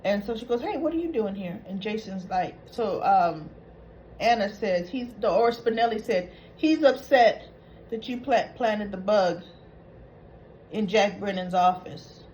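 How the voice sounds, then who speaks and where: A woman's voice: medium pitch, animated, measured pace, a little mellow, highs cut off, slight background noise. A woman hosting a soap opera recap, retelling scenes in a chatty, opinionated way.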